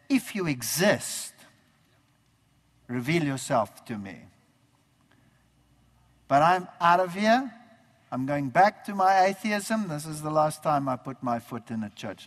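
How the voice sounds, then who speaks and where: A man telling his conversion story as a sermon, animated and acting out the dialogue he remembers. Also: a little high. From Germany. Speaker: preacher giving his testimony. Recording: long reverb of a large hall.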